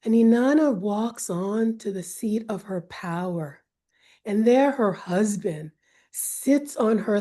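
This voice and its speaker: Slow, dark-toned woman telling a myth. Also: medium pitch. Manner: measured, dramatic, dips into whispers. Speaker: storyteller. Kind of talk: oral myth storytelling.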